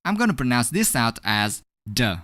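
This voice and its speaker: A man teaching an online English pronunciation lesson, explaining in a clear, upbeat way. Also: medium pitch, big pitch swings, normal speed, a bit bright, no echo, studio quality.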